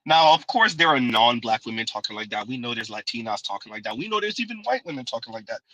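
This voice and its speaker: A man's voice: mid-range voice, big pitch swings, fast talker, pushed and bright, no room sound, poor audio. Sarcastic man riffing on a livestream. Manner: preachy, sarcastic, repeats "Huh?" and "Right?". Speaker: commentary streamer. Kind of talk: livestream commentary reacting to clips.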